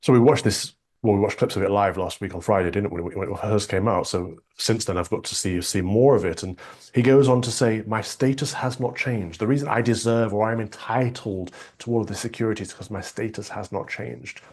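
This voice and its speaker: A man's voice: lowish voice, brisk, a little mellow. A man with an English accent speaking frankly as a panel guest, often restarting his sentences. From England. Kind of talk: opinionated panel discussion.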